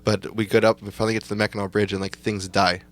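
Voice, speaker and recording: A man's voice: lowish voice, flat delivery, fast. A young man co-hosting a podcast, telling long rambling family stories with plenty of swearing and laughter. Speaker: podcast co-host. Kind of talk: casual storytelling chat.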